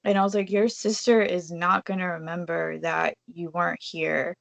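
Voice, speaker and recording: A woman's voice: lowish voice, level tone, normal speed, gravelly, hardly any pauses, no room sound. A woman telling a personal story in a casual, chatty way, full of fillers and acting out what she said to others. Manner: chatty, filler-heavy, acts out her own quoted lines. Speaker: vlogger.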